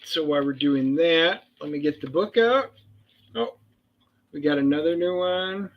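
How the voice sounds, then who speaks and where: Excitable high-voiced man on a dull mic. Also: measured pace. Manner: excitable, rambling, sarcastic banter. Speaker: co-host and writer. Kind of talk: casual livestream chat. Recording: dull lo-fi sound.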